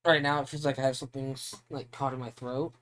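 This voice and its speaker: A woman streamer in relaxed, casual chat who laughs often. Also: a bass voice, fast.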